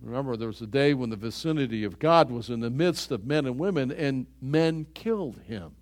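A man's voice: mid-range voice, lively intonation, brisk. An older man delivers a sermon in a church. He preaches in an earnest, conversational way and often restarts his phrases mid-thought. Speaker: pastor.

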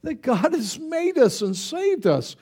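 Animated pastor with a lively voice. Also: male voice, extremely high pitch, slow pace. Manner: animated and exuberant, with chatty asides. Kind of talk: conversational sermon.

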